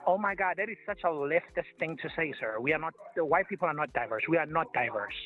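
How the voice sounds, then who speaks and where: A man's voice: fairly high pitch, lively intonation, fast talker, soft background music, natural voice. A South African man, calling in, putting on what he calls a white American man's voice, mock-polite and always saying sir. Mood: mock-earnest. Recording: tinny phone line.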